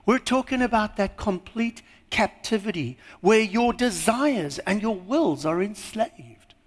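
A pastor preaching a sermon to his congregation, rising to emphatic peaks and dropping to a hush. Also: sits high, measured pace. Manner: lively preaching with sudden drops to a hush. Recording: hall reverb.

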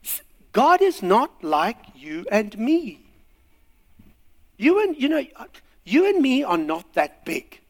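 A man's voice: very high-pitched, wildly swooping pitch, slow pace, pauses often. A man preaching a sermon, acting out little scenes and voices as he goes. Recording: long hall reverb.

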